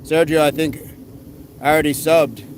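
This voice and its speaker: A man hosting a casual live stream, reading comments aloud and giving quick fitness tips in a relaxed way. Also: fairly high pitch, slight background noise, poor audio. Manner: relaxed, answers chat questions with quick tips.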